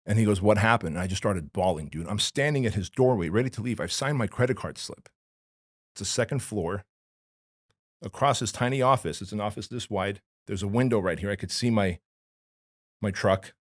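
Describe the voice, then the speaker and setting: A man from Armenia with a very low voice appears as a podcast guest, telling candid personal stories in an emphatic, blunt, slangy style and calling the host dude and bro. He is recorded close and dry on a studio mic with no room sound.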